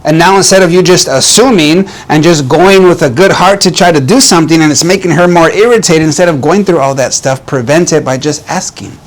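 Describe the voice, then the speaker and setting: A man with a slightly higher voice talks through relationship advice like a coach. He is earnest and repeats his points, stumbling into restarts as he speaks directly to the listener. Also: fairly quick, few pauses. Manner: earnest, repetitive, addresses viewer as "man", many restarts. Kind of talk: direct-to-camera advice talk.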